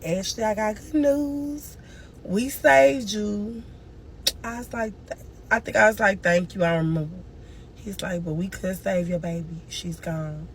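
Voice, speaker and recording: A woman's voice: medium pitch, fairly bright tone, a little hiss or hum. A grieving woman streaming live, telling a long emotional story and crying at times. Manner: tearful, cries and moans through the story.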